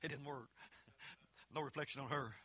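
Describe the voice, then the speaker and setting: A man preaching a fervent holiness sermon, mixing folksy storytelling with loud emphatic peaks. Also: mid-range voice, steady tone, unhurried, breathy edge, dry recording.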